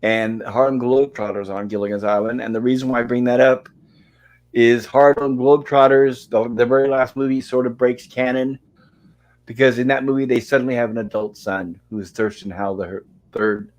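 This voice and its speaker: A chatty male host walks through an old sitcom episode in an easy, conversational way. His voice sits at an ordinary middle pitch. He chuckles now and then and fumbles the odd title. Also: steady tone, normal speed, a little mellow. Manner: chatty, laughs easily, loses track of names. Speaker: host of a pop culture review show. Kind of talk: casual retelling and commentary of an old sitcom.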